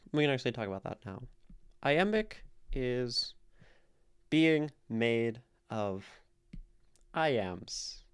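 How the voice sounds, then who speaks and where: Slow, smooth-voiced man explaining poetry. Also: medium pitch. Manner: thinks aloud, reads chat questions, explains patiently. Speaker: streamer host critiquing poetry. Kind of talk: casual live-stream poetry lesson.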